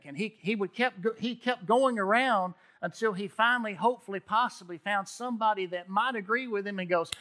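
A man's voice: high-pitched, steady tone, fairly quick, hardly any pauses, bright, forceful tone. A man preaching a sermon in a conversational way, often checking in with "okay?" and restarting his words. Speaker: pastor.

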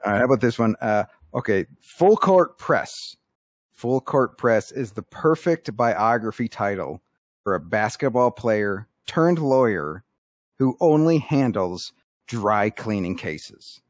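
A man co-hosting a podcast, telling one-liners deadpan and coaxing his co-hosts to laugh. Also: fairly low pitch, measured pace, no echo, studio quality. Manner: deadpan joke delivery, coaxing laughs with "come on". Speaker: podcast co-host telling jokes. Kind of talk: casual podcast banter.

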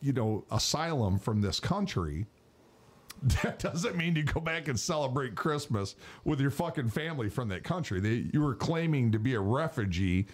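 A man's voice: medium pitch, animated, moderate pace. A man co-hosting a podcast in casual chat, ranting with heavy swearing. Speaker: podcast co-host.

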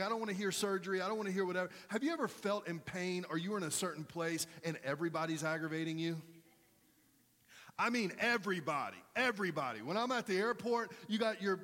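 Man, thirties, pastor, sermon, conversational storytelling, self-deprecating, slightly high voice, long reverberant church hall. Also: fairly bright tone. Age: 30s.

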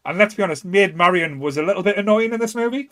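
A man's voice: sits high, expressive, quick pace, fairly bright tone. A man with a Northern English accent co-hosting a casual podcast chat, rambling and hesitant as he talks. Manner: rambling, hesitant, lots of fillers and restarts. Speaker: podcast co-host.

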